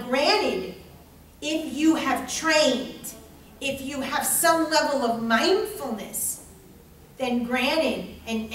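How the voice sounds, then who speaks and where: Blunt, animated woman workshop teacher; high voice, slow delivery; distant mic, roomy echo, faint hiss. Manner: animated, blunt, acts out quotes in funny voices. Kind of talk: lively workshop talk with acted anecdotes. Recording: echoey room, mic far off, faint noise.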